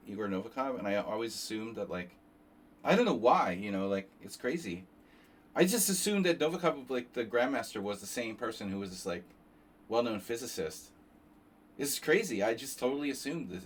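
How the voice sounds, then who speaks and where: A man's voice: medium pitch, slight background noise. A tired man chatting casually on a chess stream, rambling and cursing, with many restarts.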